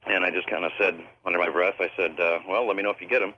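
Male radio caller, very low voice, halting delivery, muffled phone line. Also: fairly even intonation. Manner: halting, many fillers. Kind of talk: telling a personal story on the phone.

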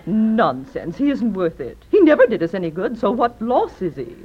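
Scheming greedy wife, breathy, high, swooping pitch, muffled old recording. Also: female voice, big pitch swings, normal speed, a little mellow. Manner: scornful, theatrical gasps. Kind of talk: vintage stage-play acting.

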